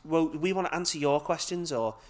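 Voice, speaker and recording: Easygoing podcast co-host. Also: male voice, a little high, fairly quick. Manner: easygoing banter, leads into segments. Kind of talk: casual chat.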